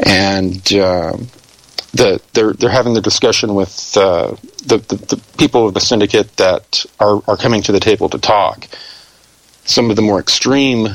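Halting man, full of fillers. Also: lowish voice, low-quality recording. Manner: halting, many fillers and restarts. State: losing his voice. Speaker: interview guest. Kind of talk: hesitant conversational interview.

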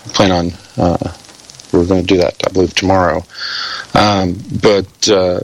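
Halting man, full of fillers. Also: low-pitched, flat delivery, low-quality recording. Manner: halting, many fillers and restarts. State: losing his voice. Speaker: interview guest. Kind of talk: hesitant conversational interview.

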